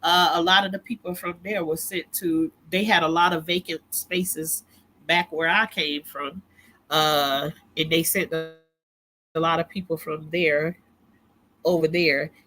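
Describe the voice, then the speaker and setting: Bright-voiced chatty woman livestreaming. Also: low voice, steady tone, a little slow. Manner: loose, chatty, talks straight to viewers and chat; frequent easy laughter. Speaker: livestream host. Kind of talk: casual rambling livestream chat.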